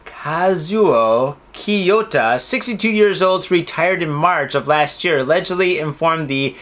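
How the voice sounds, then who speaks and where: High, bright, rowdy podcast host. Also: male voice, expressive, unhurried. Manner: profane, rowdy and joking. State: tipsy from drinking. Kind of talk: casual comedy podcast banter.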